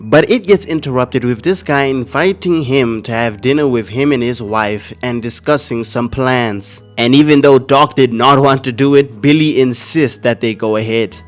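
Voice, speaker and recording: A man narrating a casual movie recap voice-over, slangy and joking, who breaks into loud outraged reactions. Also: mid-range voice, normal speed, few pauses, faint music behind.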